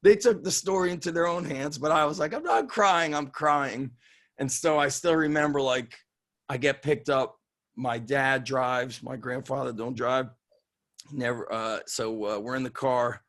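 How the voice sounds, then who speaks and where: A middle-aged man from Israel, a strength coach telling lively, profane stories in an interview and acting out the voices of the people in them. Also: medium pitch, moderate pace. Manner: animated, profane, acts out quoted voices. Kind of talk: casual storytelling interview.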